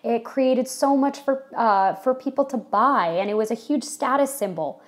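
A woman's voice: on the high side, moderate pace. A woman from California giving a casual history lecture to a class, chatty and full of ums and you-knows. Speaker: history teacher.

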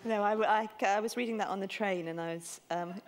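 A woman's voice: mid-range voice, steady tone, fast talker, slight background noise. A woman interviewer on a festival stage, politely chairing the questions with a giggle. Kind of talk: hosting an audience Q&A. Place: festival stage under stage lights.

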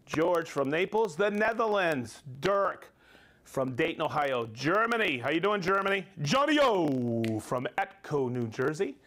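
Upbeat man with a high voice, reading shout-outs. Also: big pitch swings, a little slow. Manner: upbeat, reads off viewer names and places, stumbles over hard names. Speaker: livestream host. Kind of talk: live-stream shout-outs to viewers.

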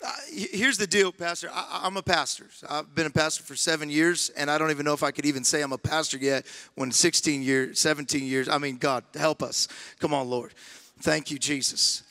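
A man preaching as a guest pastor in a church, repeating his phrases and building to impassioned shouting. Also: fairly high pitch, steady tone, a little fast. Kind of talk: sermon. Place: church sanctuary.

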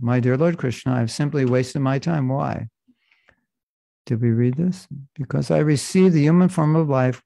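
A man teaching a scripture class, reading passages slowly and adding joking asides in between. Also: mid-range voice, gravelly, a little mellow, no echo. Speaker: spiritual teacher.

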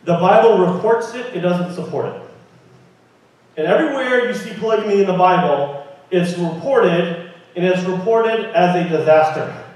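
High-voiced preacher in an echoey hall. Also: male voice, normal speed. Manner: lively, conversational preaching with questions to the congregation. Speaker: pastor. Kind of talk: sermon. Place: church sanctuary. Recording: very echoey room, mic at a distance.

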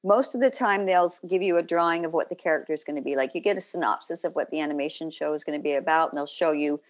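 Woman guest, lower-pitched, animated storyteller, casual chat. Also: fast talker. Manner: animated storyteller, lively laughing asides. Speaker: guest actor.

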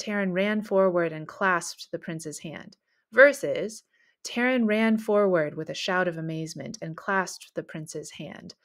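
A woman teaching a writing lesson, explaining sentence patterns in a clear, patient way and reading example sentences aloud. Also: medium pitch, a bit bright.

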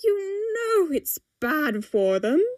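A woman's voice: very high-pitched, animated, unhurried, fairly bright tone, no echo, studio quality, voice pushed up, heavily acted. A woman voicing a fussy, doting male shopkeeper who speaks in a prim way. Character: fussy, doting man who runs a shop.

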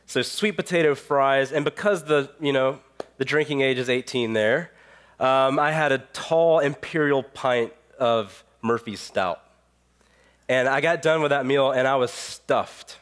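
Male pastor, 30s, mid-pitched, fighting a cold; relaxed storytelling sermon with plenty of fillers. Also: moderate pace. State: has a cold. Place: church sanctuary.

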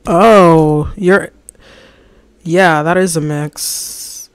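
A livestreamer chatting casually while designing, slangy and animated, reading and answering the chat and ranting about opinions. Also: mid-range voice, very slow, smooth, dry recording.

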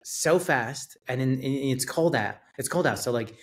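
Animated man telling a wild story. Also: medium pitch, normal speed. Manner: animated storyteller, acts out quotes, swears, laughs. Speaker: realtor guest. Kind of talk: casual storytelling.

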